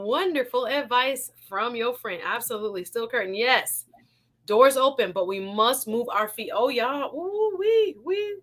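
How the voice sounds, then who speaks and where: A woman's voice: on the high side, bright, forceful tone. A woman hosting a live online talk show, reading viewer comments and encouraging her audience with an exuberant, preachy manner and frequent laughter. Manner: exuberant, preachy, laughs often, talks to the chat.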